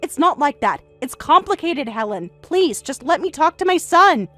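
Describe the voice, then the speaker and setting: A woman voicing a frantic, defensive middle-aged mother who talks in a shrill, insistent, raised voice over faint music. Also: sing-song, moderate pace, fairly bright tone.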